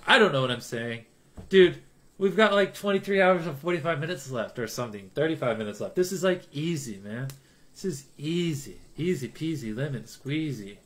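Young man livestreaming, loud then mumbling. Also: mid-range voice, lively intonation, moderate pace. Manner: jokey, swings between loud hype and mumbling. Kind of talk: casual livestream chat.

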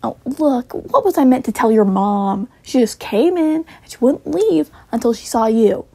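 A woman's voice: a little high, animated, measured pace, mellow, slightly rough, no room sound, exaggerated voice. A woman voicing a flippant, laid-back man who answers with breezy, offhand excuses.

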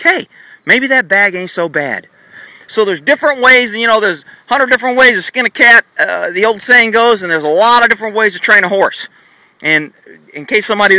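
A man's voice: a little high, pushed and bright, no echo, poor audio. A man who trains horses, teaching in a rambling, blunt and sarcastic way while filming himself on a phone outdoors in a paddock. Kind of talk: casual teaching vlog. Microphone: phone camera held while filming.

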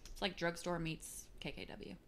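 A woman's voice: lowish voice, flat delivery, normal speed, fairly bright tone, slight background noise. A woman chatting casually through a makeup tutorial, playful and prone to silly mock-dramatic asides. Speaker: beauty vlogger.

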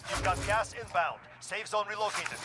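An actor playing a calm male military radio controller in a video game, giving clipped radio calls. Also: high voice, normal speed, a crowd in the background, natural voice.

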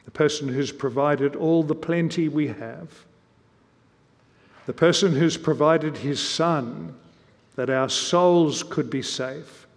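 A man preaching a sermon in a church, earnest and measured, often turning statements into rhetorical questions. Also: fairly high pitch, gravelly, big-room sound. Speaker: visiting preacher.

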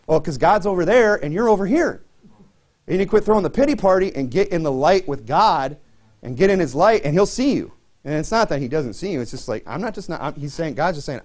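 Male pastor for a church sermon: plain, chatty delivery full of fillers, pushes up in pitch to stress points. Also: expressive, fairly quick, a little mellow. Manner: conversational preaching, many fillers, rises in pitch for emphasis.

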